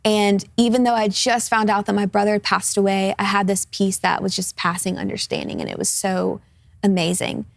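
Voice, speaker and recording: A woman in her twenties tells a personal testimony in a talk-show interview. Her mid-pitched voice has a gravelly fry at the ends of phrases. She speaks earnestly and casually, dotted with fillers, and the sound is dry and close. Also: a little fast, no echo. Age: 20s. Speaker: guest.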